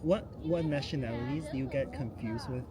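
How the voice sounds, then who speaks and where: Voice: mid-range voice, a little fast, a crowd in the background. An interviewer in a casual chat who asks short questions and keeps brief prompts going. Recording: faint noise, without a mic.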